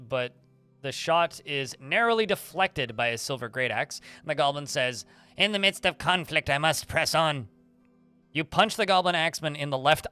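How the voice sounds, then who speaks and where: A man with a bright, forceful, slightly high voice streams a game live. He reads the combat log aloud, stumbling and restarting as he goes. Faint music plays under his voice. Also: clear, resonant tone, no echo. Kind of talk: livestream gameplay commentary.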